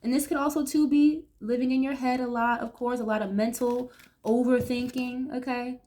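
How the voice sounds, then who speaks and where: Young woman hosting a tarot reading, a bit high-pitched, blunt and profane, reacts aloud to each card. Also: level tone, normal speed, mellow, a little hiss or hum. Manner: blunt, swears freely, reacts aloud to the cards. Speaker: tarot reader. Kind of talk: casual card-reading commentary.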